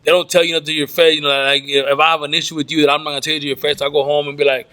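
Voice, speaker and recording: A man's voice: fairly high pitch, little pitch movement, very fast, sharp tone. A man, a pastor guest on a podcast, telling stories animatedly, repeating words and often saying "man". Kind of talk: casual chat.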